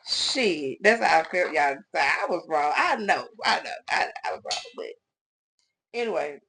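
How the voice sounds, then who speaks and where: A woman's voice: sits low, animated, normal speed, sharp tone, slight background noise. Woman, casual storytime vlog, talks to viewers as y'all, acts out the people she quotes, getting ready at home. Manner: chatty, addresses viewers as y'all; acts out voices in retold conversations. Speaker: vlogger. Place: at home doing her makeup.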